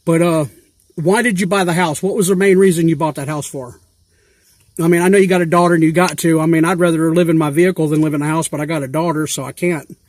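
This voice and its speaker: A slightly high-voiced man talks quickly in a steady tone on a dry recording. He's a YouTuber putting giveaway questions to a fellow YouTuber, rambling casually in loose, everyday grammar like a laid-back vlog.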